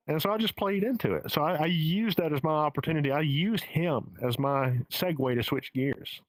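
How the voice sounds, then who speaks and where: A man's voice: fairly high pitch, normal speed, hardly any pauses, no room sound, low-quality recording. A man with a Southern US accent talking as a stand-up comedian guest in a casual podcast interview, candid and profane, often restarting his sentences. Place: home in the Pacific Northwest.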